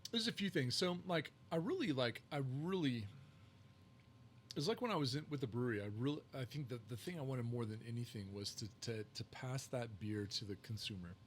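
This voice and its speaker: A man's voice: medium pitch, brisk, a little hiss or hum. A man, a podcast guest who makes cigars, telling long casual stories with lots of fillers and restarts. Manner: rambling, many fillers and restarts. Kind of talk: casual storytelling.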